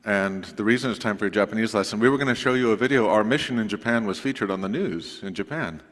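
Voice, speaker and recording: A man preaching to his congregation in a relaxed, conversational way, with asides to the listeners. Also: on the low side, quick pace. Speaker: pastor. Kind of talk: sermon announcements. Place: church sanctuary. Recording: long reverb of a church sanctuary.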